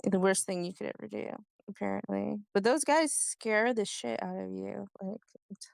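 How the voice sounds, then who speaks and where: A woman with a smooth yet gravelly voice chats casually on a stream, telling a story in a rambling way. Her voice is recorded dry and close. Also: medium pitch, normal speed, darkish tone, dry recording. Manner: rambling storytelling, many fillers and restarts. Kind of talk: casual chat.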